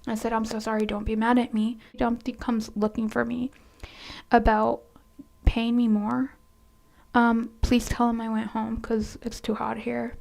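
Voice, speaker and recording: A quiet, soft-spoken woman telling a casual storytime about her work, hesitant and sometimes sinking into near-whispers. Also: fairly high pitch, flat delivery, a little slow, vocal fry. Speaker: storytime vlogger.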